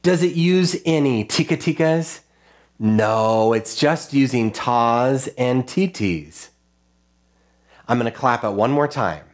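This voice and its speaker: A man's voice: mid-range voice, expressive, slow pace. A man teaching a children's music lesson, patiently chanting rhythm syllables and talking them through drawing rhythms.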